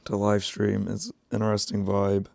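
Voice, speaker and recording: A man with a sick voice, chatting casually to his livestream while he crafts and thinks out loud. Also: on the low side, completely flat delivery, normal speed, vocal fry, no echo. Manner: rambling, thinking aloud while working. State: sick, rough voice. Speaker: streamer.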